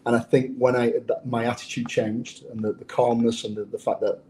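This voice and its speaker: A man's voice: medium pitch, level tone, brisk, a little mellow, slight background noise, poor audio. An English man who is a former undercover police officer, telling a story in an interview in a blunt, profane way. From England.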